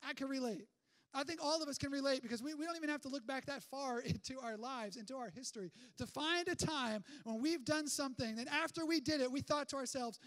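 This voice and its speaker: A man with a very high voice preaches to his church. He talks in a conversational, energetic way, firing off rhetorical questions and often restarting his sentences. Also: fairly quick. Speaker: pastor. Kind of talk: sermon.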